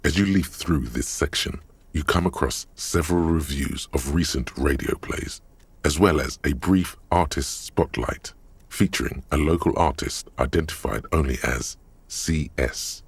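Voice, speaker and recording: Wry game narrator: very low, dry close sound, sardonic second-person storytelling. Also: male voice, a little slow, slightly rough, no echo, full character voice. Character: deep-voiced male narrator, dry and wry. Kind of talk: scripted voiced narration.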